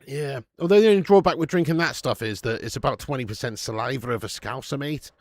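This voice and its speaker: A man's voice: medium pitch, fast, no echo. A man hosting a live football watch-along, swearing freely and laughing as he reads out viewer messages.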